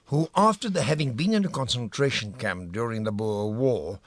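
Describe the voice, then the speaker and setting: A man's voice: normal speed, dry recording. Older man, afrikaans-tinged south african accent, theatrical raconteur, self-mocking, dry close sound. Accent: Afrikaans-inflected South African English. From South Africa, Orange Free State. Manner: theatrical storyteller, lively pitch jumps, self-mocking. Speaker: interviewee, actor. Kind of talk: reminiscing conversation.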